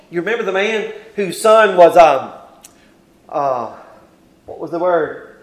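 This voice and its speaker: A male preacher giving a sermon. He recites King James scripture and moves between hushed, quiet passages and loud, pleading ones. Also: sits high, animated, slow, pauses often, echoey room, poor audio. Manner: swings from hushed near-whispers to loud impassioned pleading.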